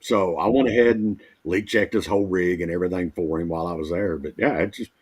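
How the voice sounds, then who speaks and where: A man's voice: deep voice, quick pace, darkish tone, breathy edge. A man working as a mobile RV technician, telling folksy repair stories in casual conversation over a livestream call. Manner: easygoing, folksy anecdotes. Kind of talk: casual storytelling.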